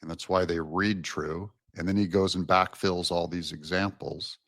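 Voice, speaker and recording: A man's voice: low-pitched, fairly even intonation, moderate pace, a bit bright, no echo, studio quality. A man on a podcast, musing reflectively about a book's ideas. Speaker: podcast guest. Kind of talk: casual book discussion.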